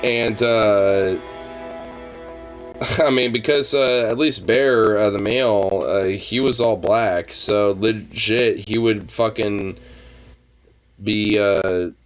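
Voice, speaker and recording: A man's voice: on the low side, slow, faint music behind. A man chatting casually on a stream, rambling through his stories with lots of swearing and filler words.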